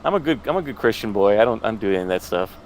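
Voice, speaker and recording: A man's voice: fairly low pitch, lively intonation, rapid-fire, darkish tone, slight background noise. A man telling stories in a rambling, self-mocking way in casual podcast chat, often laughing.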